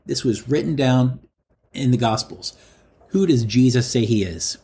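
Man preaching, repeating lines slowly. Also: medium pitch, dark tone. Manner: addresses listeners as friends. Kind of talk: sermon.

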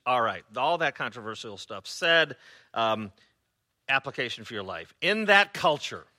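Male pastor, sermon, bright clear tone, mid-pitched, chatty and sarcastic, lots of ums. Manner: conversational and sarcastic, with many fillers.

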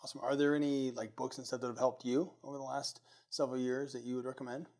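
A man hosting a podcast interview, relaxed and affirming, drawing his guest out with questions. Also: mid-range voice, fast talker. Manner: relaxed, affirming, frequent "mm-hmm" and "yeah". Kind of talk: conversational interview.

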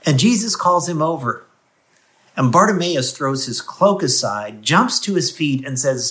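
Animated man preaching a devotional. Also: on the high side, unhurried. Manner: animated, conversational storytelling. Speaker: pastor. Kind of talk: radio devotional sermon.

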